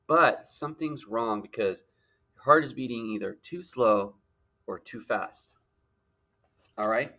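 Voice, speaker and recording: A man's voice: mid-range voice, measured pace, pauses often, bright, forceful tone. A male teacher giving a playful lecture with frequent joking asides. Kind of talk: jokey classroom lecture.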